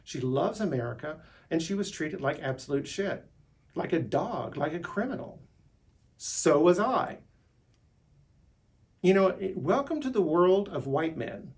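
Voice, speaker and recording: A man's voice: on the high side, expressive, measured pace, long pauses. A middle-aged man talking in a rambling, unscripted monologue, restarting words and pushing his voice upward when he gets worked up. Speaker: vlogger.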